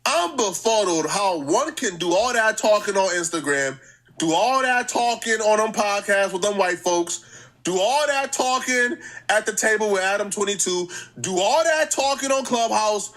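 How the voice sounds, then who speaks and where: A young male host talks through clips in a mocking, storytelling way. His voice sits high and jumps up and down a lot. He is plainly enjoying poking fun. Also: a bit bright. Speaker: reaction channel host. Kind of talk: commentary on clips.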